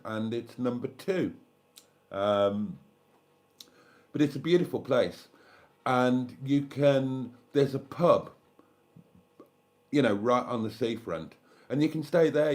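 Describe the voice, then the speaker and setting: An older man from South Wales, with a medium-pitched, darkish voice and a South Welsh accent, hosts a live stream. He chats casually, rambling as he thinks aloud and thanking his viewers.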